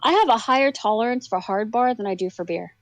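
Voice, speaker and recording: A woman with a slightly high voice co-hosts a relaxed livestream chat. She is talkative and laughs easily. Her voice sounds dry and close, with no room echo. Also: fast. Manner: chatty, laughs often. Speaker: livestream co-host. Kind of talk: casual late-night chat.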